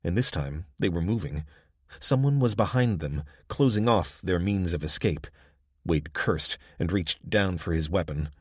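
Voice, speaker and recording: A man narrating a survival thriller audiobook in a steady, measured way. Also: sits low, breathy edge, dry recording, clean studio sound. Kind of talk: scripted narration.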